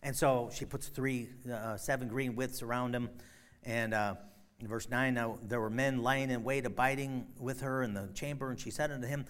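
A man preaching a sermon, retelling a story in a loose, conversational way with many fillers and sudden loud, emphatic bursts. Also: medium pitch, steady tone, normal speed. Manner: frequent fillers and restarts, conversational.

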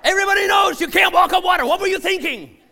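A man doing excited jeering disciples shouting from a boat. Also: very high-pitched, moderate pace, a faint crowd, voice pushed up, full character voice. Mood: mocking, excited. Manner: shouting, mocking and cheering.

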